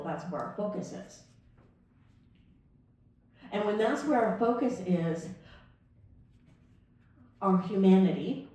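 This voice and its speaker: This woman's voice sits in the mid range and has a warm tone. She's a minister preaching in a church sanctuary, recounting a personal story in a chatty way and performing the dialogue herself, captured from afar in an echoey space.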